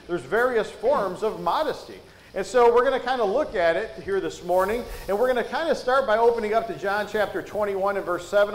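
Preacher, male, very high voice, folksy conversational sermon with rhetorical questions. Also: roomy sound, slight background noise, low-quality recording.

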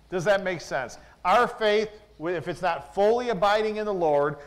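Man, pastor, high-pitched voice, emphatic sermon, rhetorical questions, church. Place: church with a screen behind him.

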